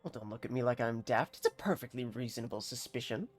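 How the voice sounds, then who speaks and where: A streamer voicing a jumpy, suspicious male farmer in a deliberately bad put-on accent, reading game dialogue aloud with a folksy, wary, grumbling manner. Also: mid-range voice, very animated, close to an everyday voice.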